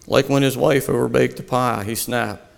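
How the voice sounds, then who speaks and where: Gravelly man reading a story. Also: medium pitch, fairly even intonation, moderate pace. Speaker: narrator. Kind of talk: reading a devotional story aloud. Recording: long hall reverb.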